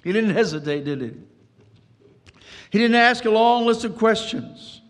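A man delivers a sermon in a high, fervent voice, repeating himself and rushing then slowing. A long reverb trails every phrase in the hall. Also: animated. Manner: dramatic preaching with repetitions and sudden pace changes. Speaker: pastor.

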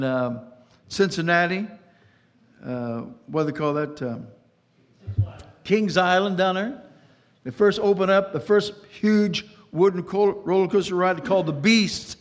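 A man's voice: sits high, in a large hall. A man preaching a sermon, dramatic, with repeated words and sudden bursts of speed. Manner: dramatic preaching with repetitions and sudden pace changes. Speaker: pastor.

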